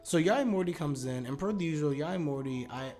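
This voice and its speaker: A man's voice: a little high, animated, a little fast, a little mellow, soft background music. A young man talking casually and animatedly in a video review, rambling with fillers and restarts. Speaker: manga reviewer.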